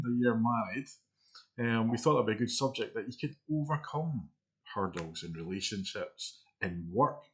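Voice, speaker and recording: A middle-aged man co-hosting a casual live chat show, chatty and quick to laugh. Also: medium pitch, fairly bright tone. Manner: chatty, laughs often, reads out quotes.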